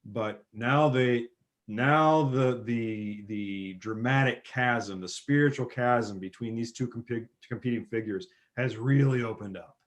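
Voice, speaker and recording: A man talking films in a relaxed podcast chat. He gets animated as he retells scenes, jumping to loud bursts when quoting characters. His voice sits at an ordinary middle pitch. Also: unhurried. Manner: animated storyteller, acts out film scenes with sudden loud bursts. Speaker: podcast guest. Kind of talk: casual film chat.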